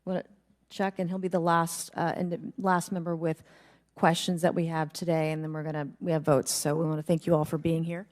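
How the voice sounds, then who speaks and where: A woman, the committee chairwoman, running a formal hearing in a brisk, procedural way. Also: low voice, level tone, a little mellow.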